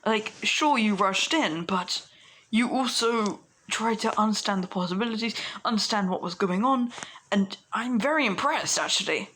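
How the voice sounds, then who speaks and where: A woman's voice: mid-range voice, normal speed, fairly bright tone, slight background noise, lightly acted, poor audio. A woman voicing a grand, boastful male hero mentor who makes theatrical proclamations.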